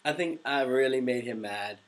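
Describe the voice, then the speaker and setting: A young man who works as a voice actor chats casually on a live stream, reading viewer questions aloud and laughing often. His medium-pitched voice moves at normal speed with a fairly bright tone.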